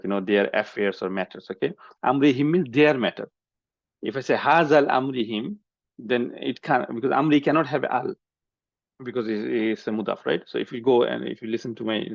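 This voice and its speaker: Gravelly male teacher, patient, keeps checking understanding; dull dry lo-fi mic. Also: medium pitch, no echo. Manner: explains patiently, many "okay?" checks. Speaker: Quranic Arabic teacher. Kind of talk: online class lecture.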